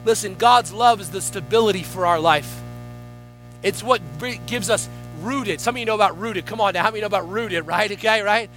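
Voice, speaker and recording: A man with a high, bright voice preaches with fervent energy, calling out to the congregation as he builds. Soft music sits behind him. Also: fairly quick, poor audio. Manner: fervent preaching with rising call-outs. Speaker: guest pastor. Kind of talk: sermon.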